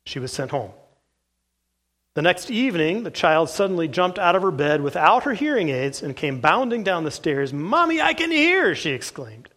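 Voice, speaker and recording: A man preaching a sermon as pastor, reading case accounts aloud from a book in an earnest, steady way with the odd "uh". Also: fairly high pitch, normal speed.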